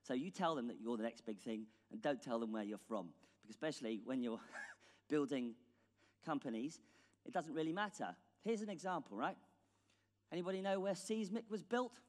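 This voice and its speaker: A man's voice: medium pitch, moderate pace. A British man giving a conference keynote in a blunt, ironic, casual manner with swearing. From England. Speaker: conference speaker. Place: large conference hall stage. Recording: long hall reverb.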